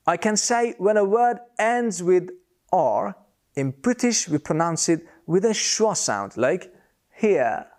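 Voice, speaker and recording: A man's voice: high voice, darkish tone. A man teaching British English pronunciation, speaking carefully and repeating example words to demonstrate sounds. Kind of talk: scripted lesson to camera.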